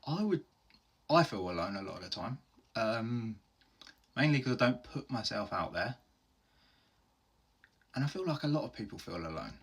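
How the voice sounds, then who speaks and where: A man speaks in a low voice with a rough, gravelly edge. His tone is a little husky, and he answers questions on his own in a candid, earnest way. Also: very animated, normal speed, long pauses. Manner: earnest, open and heartfelt, with plain everyday phrasing. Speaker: host answering viewer questions. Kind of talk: candid solo Q&A.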